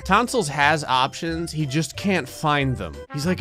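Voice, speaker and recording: Brief: male gaming commentator, fairly high voice, joking and laughing, faint music under him. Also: unhurried, few pauses. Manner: joking, often laughing, animated bursts. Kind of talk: comedic gameplay commentary.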